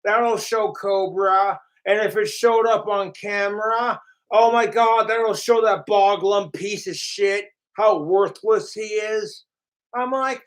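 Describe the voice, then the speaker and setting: High-voiced man ranting slowly. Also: fairly bright tone. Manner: profane, mocking, rambling. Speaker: streamer. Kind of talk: ranting live stream. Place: home apartment.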